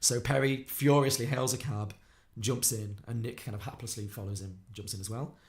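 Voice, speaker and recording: A man on a podcast, retelling a film plot quickly and acting out the characters' lines. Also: mid-range voice, steady tone. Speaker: podcast co-host. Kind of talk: casual film podcast recap.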